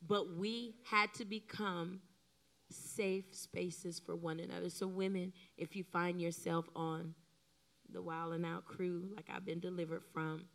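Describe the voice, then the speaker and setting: A middle-aged woman co-preaching a sermon in an animated, emotional way, often acting out the lines she quotes. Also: lowish voice, a little slow, vocal fry. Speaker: co-pastor.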